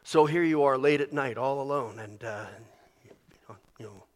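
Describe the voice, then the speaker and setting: A male preacher giving a sermon in an animated, conversational way, often acting out inner voices. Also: medium pitch, normal speed. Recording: long reverb of a large hall.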